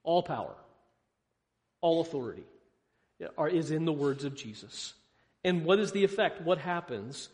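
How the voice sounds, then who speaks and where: Male preacher, high register, dramatic questions and hushed drops, in a room with a long echo. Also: big pitch swings, moderate pace, pauses often. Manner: asks rhetorical questions, swings between loud emphasis and hushed lows. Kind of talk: sermon. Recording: long hall reverb.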